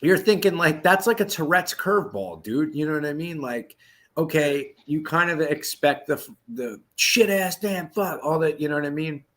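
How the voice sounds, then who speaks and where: A man's voice: on the high side, normal speed, a bit bright. A man hosting a podcast in loose, profane casual chat, laughing often. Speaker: podcast host.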